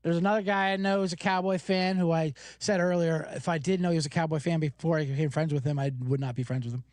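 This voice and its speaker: A man hosting a podcast, telling stories in an animated, profane casual rant. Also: fairly high pitch, fast talker, no echo. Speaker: podcast host.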